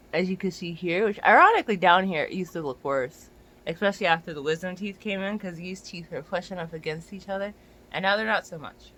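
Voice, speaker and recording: A young adult ranting into a phone camera about dog-walking work, exasperated and swearing freely, the voice bright and mid-pitched. The outbursts climb toward near-shouts, with a faint hiss behind. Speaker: dog walker.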